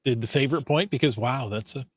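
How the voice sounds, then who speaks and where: A man's voice: mid-range voice, fast talker, slightly rough, no room sound. A man co-hosting a casual podcast, reading out listener comments with dry, understated asides. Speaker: podcast co-host.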